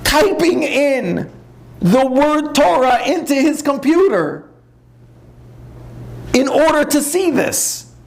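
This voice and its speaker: A man, a rabbi, giving an animated, conversational sermon to a live audience. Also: extremely high pitch, takes it slowly, gravelly, pauses often. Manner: animated, conversational preaching with acted-out asides.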